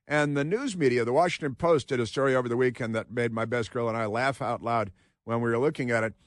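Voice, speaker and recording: Male talk radio host, sarcastic and mocking, mid-pitched, dry close studio sound. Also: no echo. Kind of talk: political talk radio monologue.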